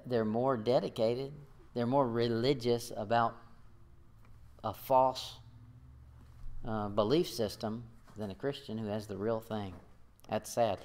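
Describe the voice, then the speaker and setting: A man's voice: mid-range voice, steady tone, unhurried. A man preaching a sermon in a folksy way, reading scripture aloud and chuckling at his own remarks. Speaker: pastor.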